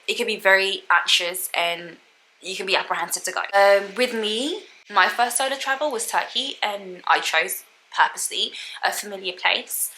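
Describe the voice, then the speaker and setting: A woman's voice: mid-range voice, pushed and bright, low-quality recording. A young woman vlogging about solo travel in a casual, reflective chat, talking with lots of "like" and "you know what I mean". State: tearful, emotional.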